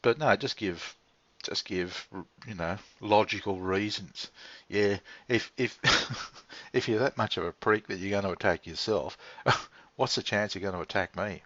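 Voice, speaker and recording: A man's voice: fairly low pitch, unhurried, bright, forceful tone, no echo. A man with an Australian accent talking in a rambling, casual way, laughing often and swearing freely. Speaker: vlog host. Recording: dull lo-fi recording.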